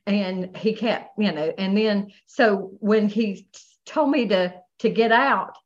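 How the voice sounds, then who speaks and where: A woman telling a painful personal testimony in a halting way, full of restarts and pauses. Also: medium pitch, highs cut off. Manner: halting, many restarts and "you know". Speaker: guest sharing her testimony.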